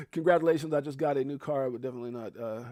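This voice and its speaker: A man hosting a casual live stream, hyped and effusive, giving one shout-out after another to people watching. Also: a little high, lively intonation, fast talker, no echo, clean studio sound. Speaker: livestream host. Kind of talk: casual live-stream chat reading out viewer names.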